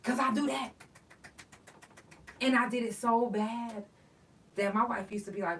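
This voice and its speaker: Animated woman storyteller, off-mic. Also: a little high, normal speed, pauses often, far from the mic, slight background noise, poor audio. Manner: animated storytelling, swearing, acting out texts. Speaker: podcast host. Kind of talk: casual solo chat.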